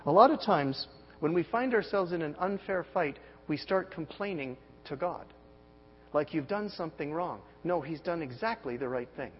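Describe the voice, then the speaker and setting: A man in his forties preaches with fervor, his fairly high voice leaping up and dropping low as he pushes rhetorical questions at the congregation. The recording is muffled, with a long reverb tail from a large hall and a faint hum underneath. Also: animated, moderate pace. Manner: emphatic preaching with sharp swings in pitch and volume, rhetorical questions. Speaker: pastor. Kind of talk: sermon.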